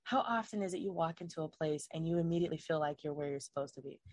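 A woman's voice: sits low, fast talker, no room sound. Chatty young woman, dry sound. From Virginia, USA. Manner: animated and rambling, laughs often. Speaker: guest. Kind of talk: casual chat.

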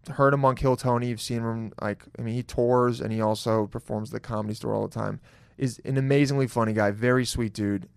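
A man's voice: medium pitch, creaky, clear, resonant tone, no echo, studio quality. A man hosting a podcast, talking casually in a loose, jokey and profane way, laughing often. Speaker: podcast host. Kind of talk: casual solo podcast intro.

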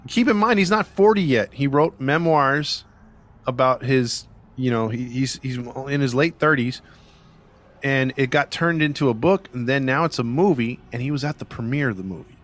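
A man's voice: mid-range voice, moderate pace, fairly bright tone. Rambling, sarcastic podcast host man. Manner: rambling, frequent "you know" fillers and restarts. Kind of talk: casual true-crime storytelling chat.

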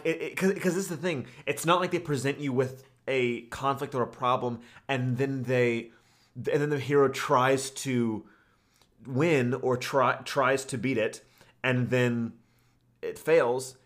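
A man's voice: medium pitch, a bit bright. A man co-hosting a podcast, talking casually about an anime and often stammering and repeating words. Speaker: podcast co-host.

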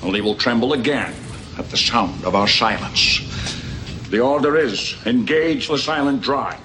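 Film clip: a stern Scottish-accented sub captain rallying his crew, mid pitch, roomy, heavy machine hum. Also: bright, forceful tone. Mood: grave, rousing. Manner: commanding, measured, grave. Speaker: actor in a film scene. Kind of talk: film dialogue, rousing speech.

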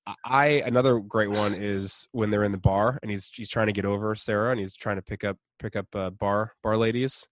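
A man's voice: on the low side, fairly even intonation, fairly quick, few pauses. A man co-hosting a podcast in casual chat. He talks enthusiastically, laughs often and acts out quotes. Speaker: podcast co-host.

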